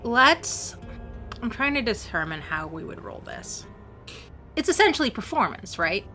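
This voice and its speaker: A woman game master narrating a tabletop game with a lively, bright voice that rises and falls widely. She is gentle and encouraging toward her player. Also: a little high, unhurried, soft background music.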